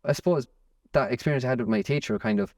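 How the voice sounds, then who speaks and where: A young Irish musician chatting in an interview, rambling with many restarts. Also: male voice, medium pitch, quick pace, a little mellow, dry recording, recorded from a distance. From Ireland. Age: young adult. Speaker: musician guest. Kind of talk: casual interview chat.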